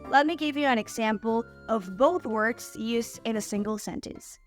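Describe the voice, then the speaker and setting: A woman hosting an online Spanish lesson, saying example words slowly and clearly for learners. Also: a little high, faint music behind. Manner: clear, slow model pronunciation of words. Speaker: Spanish teacher and channel host.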